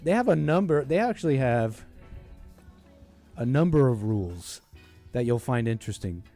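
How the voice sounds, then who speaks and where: A man's voice: medium pitch, sing-song, normal speed, dark tone, faint music behind. A man hosting a casual political livestream, rambling and hesitant, often breaking off mid-sentence. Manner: rambling, hesitant, self-interrupting. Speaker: stream host.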